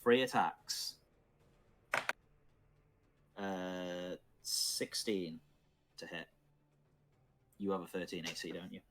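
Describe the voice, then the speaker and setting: A man with a fairly low voice runs a tabletop game as dungeon master. He narrates rolls, hits and damage in a matter-of-fact way, keeping his players up to date. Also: slow pace, pauses often, very noisy.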